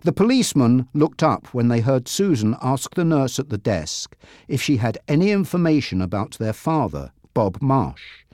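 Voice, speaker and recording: A man narrating a graded reader audiobook, reading slowly and clearly. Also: mid-range voice, no echo, studio quality. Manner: slow, clear, expressive reading.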